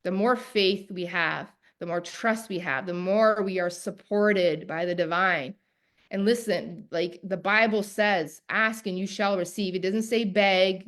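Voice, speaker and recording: A woman's voice: medium pitch, fairly even intonation, measured pace, fairly bright tone. A woman coach teaching a live online masterclass in an emphatic, preacher-like cadence, repeating key phrases and talking straight to her viewers. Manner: talks directly to viewers.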